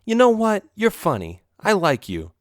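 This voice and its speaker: A shy young woman speaks softly and in a higher voice, as a male narrator puts her on in a children's storybook reading. The voice lilts up and down, and the recording is dry and close. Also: wildly swooping pitch, normal speed, no echo.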